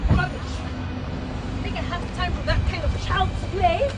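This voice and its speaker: An actress playing a wealthy, quick-tempered businesswoman who talks in a bossy, dramatic way. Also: very high-pitched, steady tone, a loud crowd, heavy background noise. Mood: furious. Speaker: boss. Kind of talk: web skit acting.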